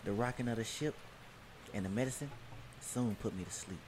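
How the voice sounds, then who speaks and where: A man reading a first-person adventure story in a measured, journal-like way, with crowd noise behind. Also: mid-range voice. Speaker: narrator.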